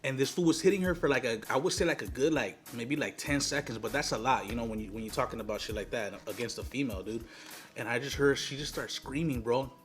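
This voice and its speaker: A man's voice: medium pitch, quick pace, soft background music. A young man casually telling a story between bites, slangy and profane. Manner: slangy, profane, laid-back. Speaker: mukbang host. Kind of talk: casual storytelling while eating.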